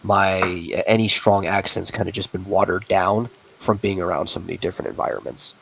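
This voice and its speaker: A man's voice: low voice, steady tone, fairly quick, creaky, fairly bright tone, a little hiss or hum, poor audio. A man co-hosting a casual livestream, answering in a dry, matter-of-fact way. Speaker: co-host.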